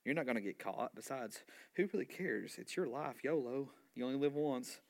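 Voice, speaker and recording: A preacher putting on a sly, coaxing devil. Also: male voice, mid-range voice, lively intonation, normal speed, a little mellow. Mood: wheedling. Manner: smooth coaxing lies, then cold belittling. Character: sly male devil, coaxing tempter turned scornful accuser. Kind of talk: preacher acting out a quoted voice in a sermon.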